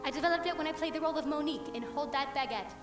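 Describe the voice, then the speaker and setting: A woman's voice: sits high, racing, lightly acted. A woman playing a melodramatic young showgirl bride on stage. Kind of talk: amateur stage musical acting. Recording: distant, roomy stage recording with music.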